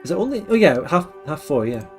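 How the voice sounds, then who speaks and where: A Scottish man hosting a relaxed late-night livestream, chatting frankly and laughing often. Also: fairly high pitch, quick pace, soft background music. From Scotland. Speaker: livestream host. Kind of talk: casual late-night stream chat.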